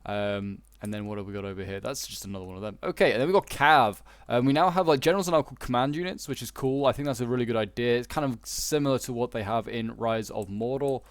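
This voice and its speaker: A young man with a Yorkshire accent talks through a strategy game in a loose, meandering way, stopping often for "uh" and "like". His voice is smooth and resonant, recorded close and dry with no room sound, at an ordinary middle pitch. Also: quick pace, few pauses, dry recording. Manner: rambling, hesitant, many fillers and restarts. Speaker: gaming YouTuber. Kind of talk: casual gameplay commentary.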